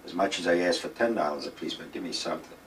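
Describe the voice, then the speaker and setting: In his retirement village home, an older man is interviewed and rambles emphatically through old stories, acting out the dialogue. He talks fast in a low voice with a fairly bright tone. The mic is distant and the rough recording carries a little hiss or hum.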